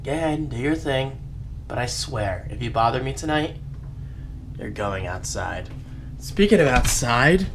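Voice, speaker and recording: A man's voice: medium pitch, animated, measured pace, slight background noise. A man chatting casually to his viewers in a daily vlog, joking and talking to the camera as he goes about his day. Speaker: vlogger.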